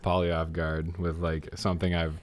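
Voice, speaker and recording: A man appearing as a guest on a casual podcast, agreeable and quick to chime in. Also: low-pitched, monotone. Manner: agreeable, backchannels a lot.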